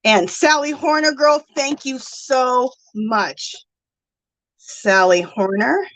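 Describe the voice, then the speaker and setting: A woman's voice: sits high, takes it slowly, a bit bright, rough recording. A woman hosting a casual craft live stream, gushing thanks to viewers and counting aloud.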